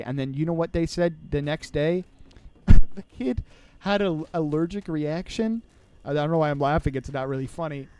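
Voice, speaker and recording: With a voice on the high side and a darkish tone, a twenty-something man hosts a podcast. He rambles casually and sarcastically while gaming, often poking fun at himself.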